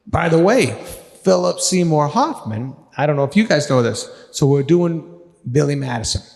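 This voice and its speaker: A man's voice: a little high, animated, normal speed, vocal fry, darkish tone. A man hosting a live on-stage chat, telling rambling, profane anecdotes and laughing through them. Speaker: host. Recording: roomy hall with long reverb.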